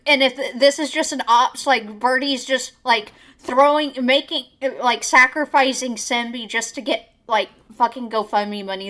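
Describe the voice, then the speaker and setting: Woman, high-pitched, casual livestream commentary, indignant, rambling. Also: unhurried, a bit bright. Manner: indignant, rambling with many fillers and restarts.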